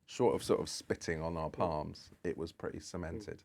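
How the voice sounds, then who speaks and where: Casting: male podcast guest, lowish voice, loose rambling storyteller who acts out dialogue in casual chat. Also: steady tone, normal speed, gravelly, darkish tone, slight background noise. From Britain.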